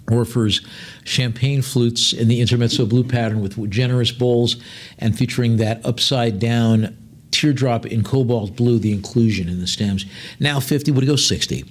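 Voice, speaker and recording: A man working as an auctioneer at a live online sale, rattling off bid calls and tossing in chatty jokes between lots. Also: mid-range voice.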